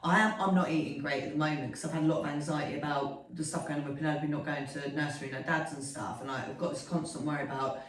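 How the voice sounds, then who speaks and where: A woman's voice: sits low, steady tone, quick pace, few pauses. A young woman co-hosting a podcast in casual chat, swearing freely and full of "like". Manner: chatty, swears freely, many "like" fillers. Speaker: podcast co-host. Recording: echoey room, mic at a distance.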